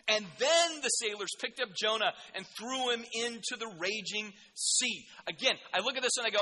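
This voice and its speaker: A male preacher delivering a sermon in an animated, jokey, conversational way. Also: high-pitched, brisk, long reverb tail.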